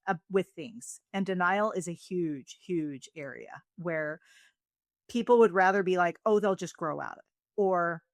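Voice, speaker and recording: A woman hosting a podcast speaks thoughtfully, working her way through long, reflective sentences. Her voice sits somewhat low. The recording is dry and close. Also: measured pace, dry recording. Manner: thoughtful, reflective, rambling phrasing. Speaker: podcast host. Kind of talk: interview conversation.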